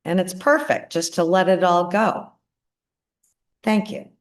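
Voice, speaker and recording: Slow, lilting woman leading a sharing circle. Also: fairly low pitch. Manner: slow, reflective, lively intonation. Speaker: group facilitator. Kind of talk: reflective sharing.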